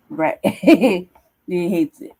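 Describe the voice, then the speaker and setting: A woman's voice: mid-range voice, warm tone, husky, rough recording. A woman chatting casually on her own stream, teasing, laughing often and swearing freely. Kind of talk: casual chat.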